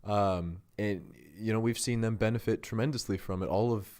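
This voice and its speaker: Lowish-voiced dude cohosting a chill politics pod, lots of dry jokes. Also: male voice, steady tone, darkish tone. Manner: wry, joking, quick asides. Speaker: podcast co-host and editor. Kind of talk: casual political podcast chat.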